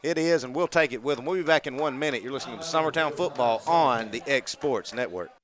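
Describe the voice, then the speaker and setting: A man in a mid-range voice, doing play-by-play for a high school football broadcast. He calls each snap briskly as it unfolds. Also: a crowd in the background. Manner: brisk, calling plays as they unfold. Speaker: play-by-play announcer.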